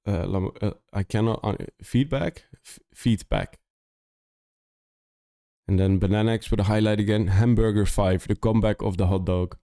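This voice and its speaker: Young Dutch-accented male streamer, lowish smooth voice, casual and rambling, close dry mic. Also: little pitch movement, fairly quick, few pauses, dark tone, dry recording. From Netherlands. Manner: rambling, full of "like" and restarts. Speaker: music producer streamer reviewing demos. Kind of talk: casual live-stream chat.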